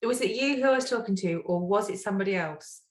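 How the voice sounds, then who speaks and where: A woman's voice: medium pitch, fast, roomy sound, rough recording. A woman from Manchester with a Manchester accent, co-hosting a podcast in casual, chatty conversation. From Manchester, England. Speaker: podcast co-host. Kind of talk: casual chat.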